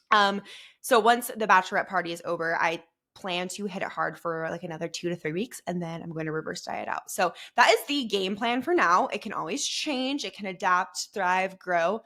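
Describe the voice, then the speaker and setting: A woman's voice: mid-range voice, bright, forceful tone. A young woman hosting her own podcast, chatting casually and upbeat about fitness, with many fillers. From Phoenix, Arizona. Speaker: podcast host and fitness coach. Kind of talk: casual solo podcast chat.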